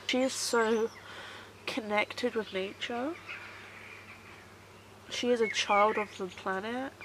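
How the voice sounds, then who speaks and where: A woman talking softly to camera in a personal vlog, halting and sorrowful, often repeating herself to stay calm. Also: a little high, noisy background. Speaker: vlogger.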